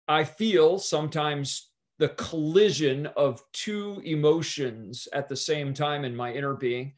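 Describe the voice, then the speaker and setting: A man speaks with earnest conviction, his voice sitting in an ordinary middle register. He tells his story in a conversational way and retells past exchanges line by line. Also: mid-range voice. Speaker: pastor and guest speaker. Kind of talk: storytelling in an interview.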